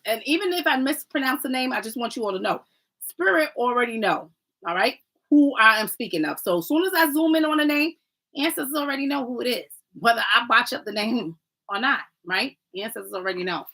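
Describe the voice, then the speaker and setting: A woman's voice: a little high, lively intonation, fairly quick, pushed and bright, poor audio. A woman doing a casual livestream oracle card reading, chatty and rambling, who often adds "right?", calls viewers "family" and stumbles over names.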